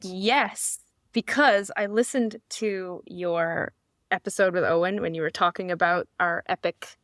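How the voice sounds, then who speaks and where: Animated Canadian woman co-host. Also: fairly low pitch, measured pace, no echo, clean studio sound. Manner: animated storyteller, acts out quoted voices. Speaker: guest co-host. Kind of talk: casual podcast chat.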